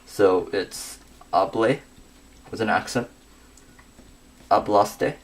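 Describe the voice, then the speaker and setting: A young man giving a scripted grammar lesson, working through verb endings slowly and methodically. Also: fairly low pitch. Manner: methodical, reads conjugations slowly with pauses.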